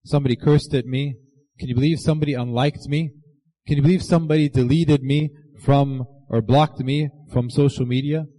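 A man preaching a sermon to his congregation, earnest, slowing down to quote scripture and the saints. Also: medium pitch, fairly even intonation, dark tone, rough recording.

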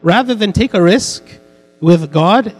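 A man with a fairly high voice teaches a Bible class, circling back to the same point and throwing questions to his students. His voice rings out with a long reverb, as if in a large hall, and faint music plays under it. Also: expressive, measured pace. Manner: repetitive, asks the class questions.

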